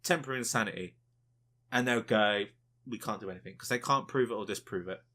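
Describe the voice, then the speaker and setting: A man hosting a casual podcast chat, animated, cursing freely and laughing often. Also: fairly low pitch, quick pace. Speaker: podcast host.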